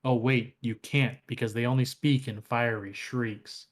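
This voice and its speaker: A man's voice: medium pitch, steady tone, unhurried, close to an everyday voice. Sly snarky lady ship AI, a guy reading her lines, dry teasing storybook voice. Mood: sarcastic. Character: sly sarcastic female ship AI.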